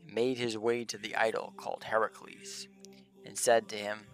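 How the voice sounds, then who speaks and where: A man reverently narrating the life of a saint in measured, archaic English. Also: lowish voice, little pitch movement, soft background music. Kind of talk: solemn scripted reading of a hagiography.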